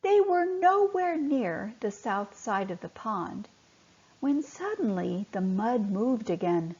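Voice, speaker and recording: A woman softly and expressively reading a bedtime story to children. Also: a little high, very animated, takes it slowly, slightly rough. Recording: dull lo-fi recording.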